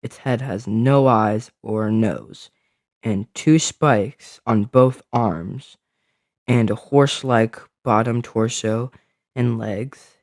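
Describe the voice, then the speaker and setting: A man's voice: medium pitch, slow pace, a little mellow, no room sound, clean studio sound. A man narrating a fantasy adventure story, describing scenes with small slips.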